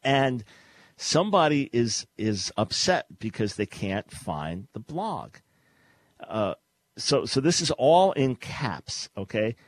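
Older radio host, New York accent, sarcastic and chuckling, dry close sound. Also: male voice, mid-range voice, big pitch swings, slow pace, no room sound. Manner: sarcastic, laughs often while telling a story. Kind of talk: casual radio talk.

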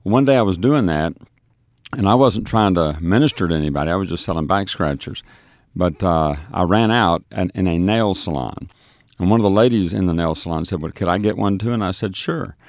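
A man with a deep, low voice tells a story of his street ministry, stumbling and restarting as he goes. He acts out the dialogue he recalls. The recording is dry and close. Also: brisk, dry recording. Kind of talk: telling a testimony on a radio show.

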